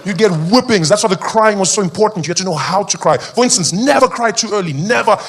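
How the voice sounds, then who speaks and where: Young guy doing stand-up on a stage mic, quick animated storytelling, pretty high voice. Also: breathy edge. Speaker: stand-up comedian. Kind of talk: stand-up comedy routine.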